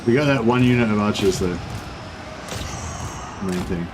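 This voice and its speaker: This man streams a strategy game, chatting casually in a rambling way, cutting himself off and swearing now and then. His voice is on the low side at normal speed, with steady background noise in the recording.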